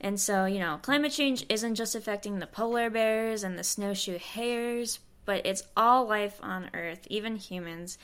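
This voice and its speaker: A woman's voice: mid-range voice, measured pace, hardly any pauses, fairly bright tone, clean tone. A young adult woman co-hosting a science podcast, explaining research in a loose, chatty way full of "like" and "you know". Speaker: podcast co-host and monarch researcher. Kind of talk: casual science podcast chat.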